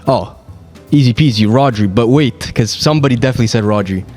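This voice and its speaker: A man competing in a quiz with friends, excitable and over-dramatic in casual banter. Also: medium pitch, quick pace, soft background music. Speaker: quiz contestant.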